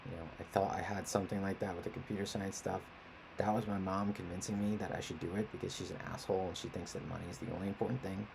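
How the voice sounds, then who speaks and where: A man's voice: deep voice, little pitch movement, fast talker, creaky, background noise. A young man venting in a casual, rambling monologue, frustrated and swearing often. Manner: frustrated, profane, rambling rant. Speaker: independent musician and artist.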